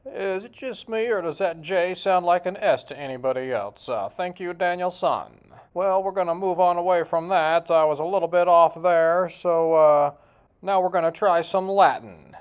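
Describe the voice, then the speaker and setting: A man's voice: sits high, moderate pace, clear, resonant tone. A man hosting a casual vlog, joking in a folksy way as he sounds out foreign words. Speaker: video host.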